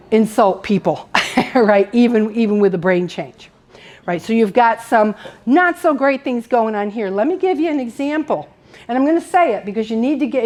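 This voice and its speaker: A woman teaching a dementia care workshop, telling stories, acting out quotes and laughing often. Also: a little high. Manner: animated storyteller, acts out quotes, laughs often. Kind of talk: workshop presentation. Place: indoor workshop room.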